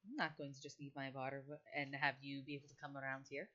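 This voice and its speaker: A woman's voice: rumbling low, level tone, fast, bright, forceful tone, highs cut off. A woman voicing a shrewd, wary male tavern barkeeper in a tabletop game, sly and skeptical.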